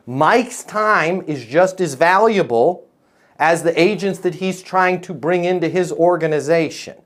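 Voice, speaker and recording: A man leads a live sales coaching call over video, his voice sitting a little high. He talks in emphatic, punchy bursts and keeps checking in with the group. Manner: emphatic, punchy, keeps asking "right?" and "okay?".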